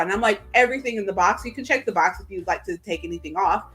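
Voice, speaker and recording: A woman co-hosting a casual chat show over a video call, telling animated stories and acting out the people in them. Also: mid-range voice, racing, faint music behind. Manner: animated, acts out voices while telling stories. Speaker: podcast co-host. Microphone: video call setup.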